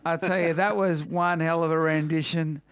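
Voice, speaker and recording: A man's voice: on the high side, little pitch movement, moderate pace, clean tone. An Australian man hosting a casual chat show, chatty and exuberant with plenty of slang. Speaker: podcast host.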